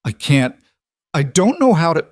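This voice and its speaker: A man voicing a desperate young husband who speaks haltingly and stammers. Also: medium pitch, animated, dry recording, studio quality, pitched above the performer's own voice.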